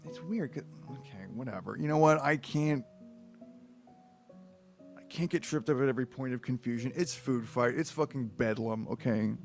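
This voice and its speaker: A man's voice: medium pitch, normal speed, vocal fry, a little mellow, faint music behind. A man reading a book aloud on a livestream, with rambling, profane, exasperated asides. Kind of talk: comedic read-aloud livestream.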